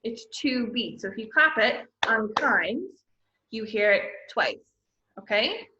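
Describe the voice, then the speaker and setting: A woman's voice: fairly high pitch, animated, measured pace, background noise. A woman teacher giving a recorded online lesson to young children, speaking patiently and encouragingly and often checking in with "okay?". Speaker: elementary school teacher. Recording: echoey room, slightly dull lo-fi audio.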